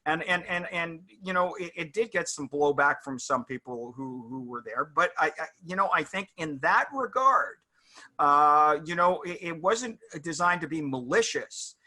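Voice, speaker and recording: Bright-voiced man telling stories. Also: a little high, lively intonation. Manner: reflective, halting anecdotal storyteller. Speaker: guest. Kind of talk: casual interview chat.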